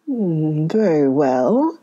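A woman's voice: low voice, sing-song, extremely slow, mellow, muffled recording, heavily acted. A woman voicing a hungry, menacing tiger who growls his words in a children's story.

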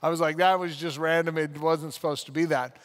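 A pastor in his forties tells a personal story during a casual podcast conversation, acting out the scenes as he goes. His fairly high voice is steady in tone, and he speaks briskly.

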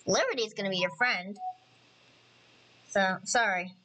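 A woman hosting a casual let's-play commentary, chatty and excitable, often apologizing and thinking aloud as she plays. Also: medium pitch, unhurried, rough recording. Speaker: gaming channel host.

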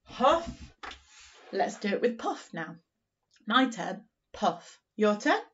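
Slow, sing-song woman teaching phonics. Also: medium pitch, sing-song. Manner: encouraging, slow and sing-song, sounding out words. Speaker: primary teacher. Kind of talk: phonics lesson for young children. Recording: dull, slightly distant recording.

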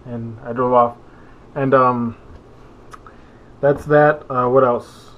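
A man's voice: mid-range voice, fairly even intonation, slow pace, a little hiss or hum. A young man chats loosely to his viewers, wandering between topics with plenty of ums and restarts. His voice sits in an ordinary middle register. The sound is narrow and tinny, as though it came down a phone line. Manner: meandering, full of fillers and self-corrections. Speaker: vlogger. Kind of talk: rambling casual vlog.

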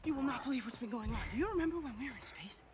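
A man's voice: extremely high pitch, animated, very fast, crowd noise. A young actor playing an eager teenage boy superhero who rambles breathlessly. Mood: excited.

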